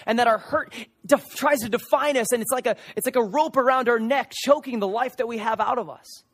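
A man's voice: very high-pitched, a little fast, a bit bright, no echo. A young man preaching a sermon with passion, acting out the voices of people in the story.

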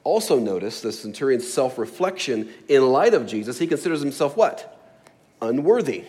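A man's voice: medium pitch, very animated, moderate pace, a little mellow. A man preaching a sermon, explaining a scripture passage with storytelling and acted-out asides. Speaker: pastor.

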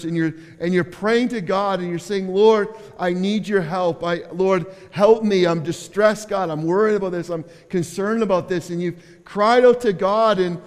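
Male pastor preaching, high smooth voice, moves from loud calls to hushed asides, long hall reverb. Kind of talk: sermon.

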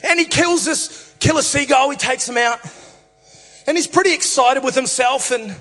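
A man preaching, retelling a story in a playful, animated way with many restarts. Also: extremely high pitch, moderate pace. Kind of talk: humorous sermon storytelling. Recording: reverberant hall, faint music.

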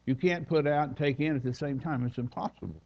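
A man's voice: fairly high pitch, a little fast, gravelly, muffled recording. A man preaching as a visiting minister, telling folksy stories and reading scripture aloud. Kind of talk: sermon.

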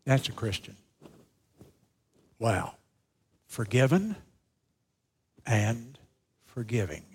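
A man preaching a sermon, telling stories slowly and with emphasis. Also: mid-range voice, sing-song, slightly rough. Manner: slow, emphatic storytelling preacher. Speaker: pastor.

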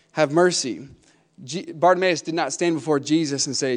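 A fervent man in his thirties preaches to a church congregation, his voice pitched high for a man. He drops to soft, chatty asides, then builds back to emphatic declarations. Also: moderate pace. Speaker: pastor. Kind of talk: sermon.

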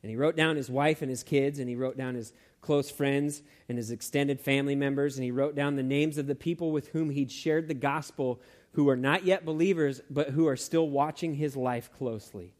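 A man preaching a sermon who tells stories in an animated way, with many fillers and restarts. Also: medium pitch, normal speed.

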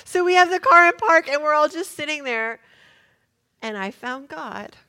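Animated bright-voiced woman preacher. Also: sits high, normal speed. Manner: animated storyteller, shouts in retellings. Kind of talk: sermon story.

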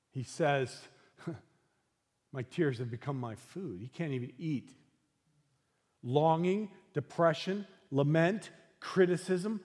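A man preaching a sermon as pastor, earnest and unhurried, dropping into soft, hushed passages. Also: on the high side, long reverb tail.

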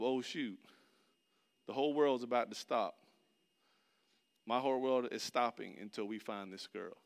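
A middle-aged man preaching a sermon, telling a personal story and swinging between loud excitement and hushed, soft passages. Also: mid-range voice. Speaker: pastor. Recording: long hall reverb.

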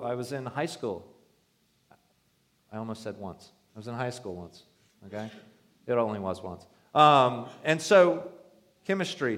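A man's voice: medium pitch, fairly bright tone. Guy pastor preaching, chatty and jokey, does little voices for quotes. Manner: conversational, joking, acts out quoted voices. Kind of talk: sermon.

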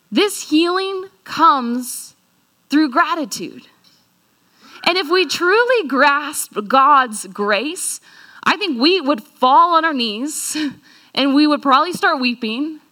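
Woman preacher, high bright voice, slow and earnest, quizzes the congregation. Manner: earnest, slows down for scripture quotes and asks the listeners questions. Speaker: speaker at a church talk. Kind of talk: sermon.

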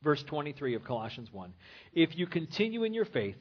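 A man's voice: on the high side, big pitch swings, a little fast, husky, lo-fi sound. A man pastor preaching a sermon in an earnest, repetitive style. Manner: earnest preaching with repeated phrases.

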